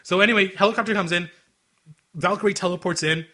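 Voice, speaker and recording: A young man co-hosting a casual podcast, talking quickly, laughing often and acting out bits of dialogue. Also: high voice, fairly even intonation, pushed and bright. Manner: rapid, laughing, acts out anime dialogue in quick asides. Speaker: podcast co-host. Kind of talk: casual chat.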